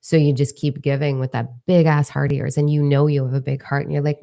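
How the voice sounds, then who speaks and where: A middle-aged woman with a low, gravelly voice gives a candid motivational talk. Her tone is dark and mellow, and she talks bluntly, swears freely and repeats words for emphasis. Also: flat delivery, brisk, hardly any pauses. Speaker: motivational speaker.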